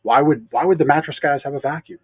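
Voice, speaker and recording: A man's voice: on the high side, fast, breathy edge, no room sound. A man co-hosting a casual business chat, easygoing and joking, adding sarcastic asides. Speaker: mattress store owner co-hosting a local show. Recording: dry, phone-like narrow sound.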